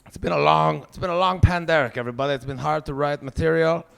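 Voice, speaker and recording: A man's voice: fairly high pitch, fast, gravelly, a bit bright, clear, resonant tone. A man in his forties with a Québécois French accent, doing a profane, ranting stand-up comedy set. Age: 40s. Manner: profane, ranting, swears heavily.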